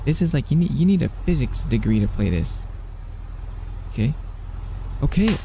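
A young man giving live gameplay commentary as a streamer, excitable and flustered, talking to himself and repeating words over and over. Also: mid-range voice, slight background noise.

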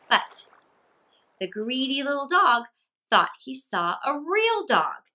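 A woman narrating children's fables aloud, animated and expressive. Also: fairly high pitch. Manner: animated and expressive, slow and clear. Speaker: storyteller for children.

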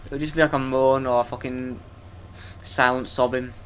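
A man's voice: mid-range voice, flat delivery, moderate pace, a little hiss or hum. A young man giving profane, sarcastic, self-mocking commentary while playing a video game. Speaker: let's play gamer. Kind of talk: gameplay commentary.

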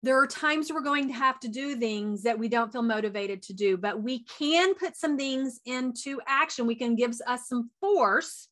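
High-voiced chatty woman. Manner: chatty and animated, says y'all a lot; talks fast. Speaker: wellness coach. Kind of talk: casual motivational talk.

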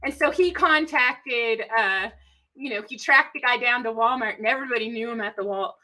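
A woman with a bright, sharp voice and an East Texas accent chats loosely on a genealogy live stream. She rambles off on tangents and laughs easily, pitched a little high. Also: moderate pace. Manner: chatty, rambling, laughs often, drawls when teasing. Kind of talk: casual live-stream chat.

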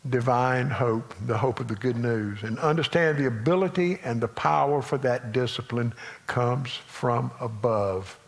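Preaching in a gravelly, medium-pitched voice, a Southern US pastor gives a sermon in a folksy style. His delivery swings from loud emphasis to quiet asides.

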